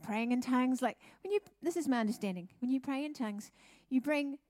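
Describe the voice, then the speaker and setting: A middle-aged woman, a pastor's wife, telling her testimony at a church service in a chatty, animated way. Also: sits high, a little fast, no echo, studio quality. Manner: chatty, animated storytelling with laughs.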